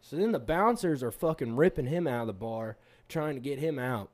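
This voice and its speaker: A man's voice: mid-range voice, expressive, brisk, darkish tone. A man casually telling bar-fight stories, rambling and profane, laughing often and acting out what everyone said. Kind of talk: casual storytelling chat.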